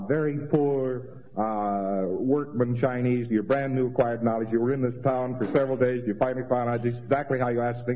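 A man's voice: mid-range voice, a little hiss or hum. Rambling man lecturing in a hall. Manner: rambling, conversational, mocking asides and chanted impressions. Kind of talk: informal lecture to an audience. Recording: dull lo-fi old recording in a reverberant hall.

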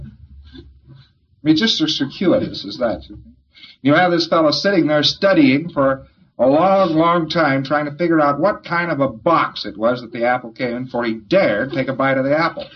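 Male lecturer, husky voice, folksy and joking, rambling delivery, muffled lo-fi old tape. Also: mid-range voice, moderate pace, fairly bright tone. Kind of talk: informal lecture to an audience.

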